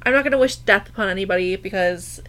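A woman's voice: medium pitch, fast, fairly bright tone. A woman co-hosting a podcast in casual chat, talking bluntly and emphatically with plenty of swearing. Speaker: podcast co-host.

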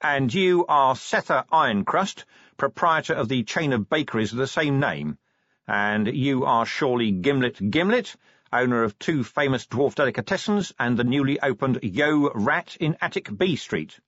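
A man voicing a gruff, angry middle-aged watch commander who is curt and sarcastic, holding his temper down. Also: mid-range voice, lively intonation, normal speed, fairly bright tone, dry recording, highs cut off, pitched above the performer's own voice. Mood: cold, curt.

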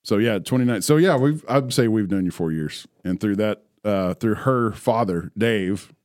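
A man's voice: on the low side, normal speed, darkish tone, dry recording, studio quality. A man hosting a podcast, talking in joking, rambling banter. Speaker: podcast host. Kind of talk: casual chat.

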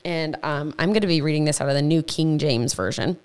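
A woman with a low, deep voice hosts a casual faith podcast. She teaches in a chatty, earnest way, stumbling over words and tossing in quick asides as she goes. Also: a little mellow, clear, resonant tone. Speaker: podcast host. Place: home podcast setup.

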